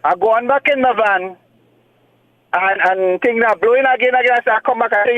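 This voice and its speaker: A man with a Trinidadian accent phones in to a talk show and gives his side of a dispute, sounding agitated and defensive. His voice is very high-pitched, brisk and fairly even in intonation, coming through a tinny phone line.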